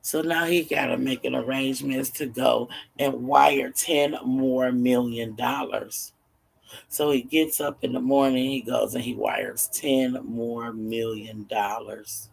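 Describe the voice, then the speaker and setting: A man's voice: medium pitch, creaky, slightly rough. A man casually telling a story, acting out the voices of the people in it. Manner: animated, acts out each character's lines.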